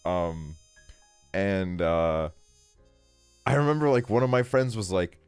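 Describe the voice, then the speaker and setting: A man's voice: low voice, expressive, takes it slowly, a little mellow, clear, resonant tone, no room sound, soft background music. A young man streaming a game, telling a casual story in a rambling way, full of fillers and swearing. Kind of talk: casual storytelling while gaming.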